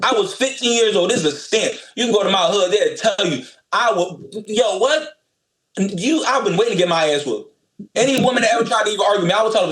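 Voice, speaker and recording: Brief: cocky profane guy, high voice, roomy echo on the call, trash-talking boxer. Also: animated, fast, fairly bright tone. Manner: profane, blunt, emphatic. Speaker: boxer calling in as guest. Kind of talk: brash trash talk.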